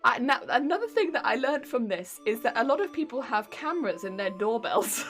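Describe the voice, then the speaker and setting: Faint music plays behind this young English woman as she live-streams from home with a British accent. Her voice is fairly high, bright, quick and very animated, and she giggles and chats away while responding to her viewers' messages.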